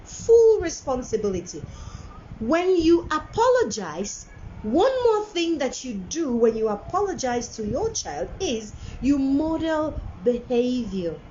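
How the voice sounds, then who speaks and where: A woman's voice: high-pitched, mellow, lo-fi sound, a little hiss or hum. A woman with a Nigerian accent, a parent giving an earnest, preachy monologue about parenting, repeating her points for emphasis. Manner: emphatic, preachy, lots of repeated phrases and restarts.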